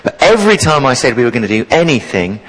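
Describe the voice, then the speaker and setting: Jovial vicar in a reverberant church. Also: male voice, medium pitch, quick pace. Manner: jovial, animated storyteller. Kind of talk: sermon with storytelling.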